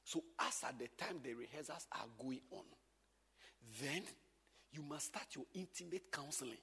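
A man's voice: fairly high pitch, moderate pace, gravelly, husky, in a large hall. A man, teaching church workers in an emphatic, repetitive way. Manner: animated, emphatic, repeats points.

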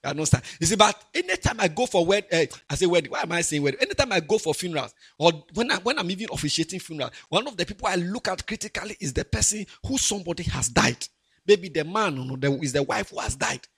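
A husky, bright-toned man with a Ghanaian accent preaching a sermon. His voice sits high and he moves from soft asides to loud, emphatic bursts. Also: animated, fast. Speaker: pastor.

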